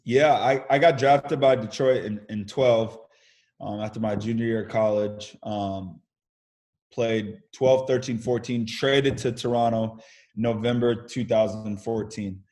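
A man's voice: lowish voice, a little slow. A young American man telling candid stories about his career in a casual interview over a video call. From United States. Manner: lively storyteller, casual and candid, mild swearing. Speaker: podcast guest, pro baseball player.

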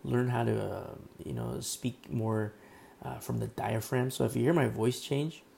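Hoarse, gravelly male preacher. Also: medium pitch, lively intonation, unhurried, dark tone, slight background noise. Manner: conversational, rambling, full of fillers and asides. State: hoarse, throat worn out. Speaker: pastor. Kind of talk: casual expository sermon.

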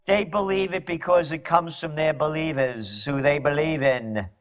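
A man delivering a sarcastic, mocking monologue as a commentator, at times rising to shouts. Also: fairly high pitch, normal speed, a crowd in the background. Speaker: trend forecaster and commentator. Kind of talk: ranting monologue. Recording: dull lo-fi audio.

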